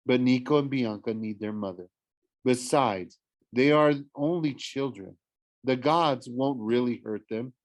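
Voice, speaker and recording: Elegant mother with an Italian accent, soft and steady, man voices her. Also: a little slow, dry recording, close to an everyday voice. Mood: calm firm. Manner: soft, low and calm. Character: calm elegant Italian mother, warm and firm.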